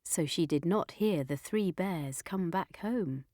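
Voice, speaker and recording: A woman reading a children's story aloud in a slow, clear, expressive way. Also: fairly low pitch, no room sound, clean studio sound.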